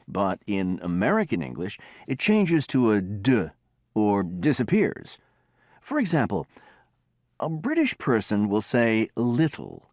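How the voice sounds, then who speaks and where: A man's voice: fairly low pitch, no echo, clean studio sound. A man giving a textbook listening lecture, explaining and demonstrating pronunciation by example.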